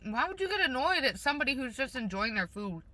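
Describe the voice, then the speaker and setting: Woman vlogger, very bright sharp tone, rambles with her mouth full in a car. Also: sits high, sing-song, fast talker. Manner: talks with mouth full while eating; rambling, self-conscious, blunt. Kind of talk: casual rambling mukbang chat. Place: parked car.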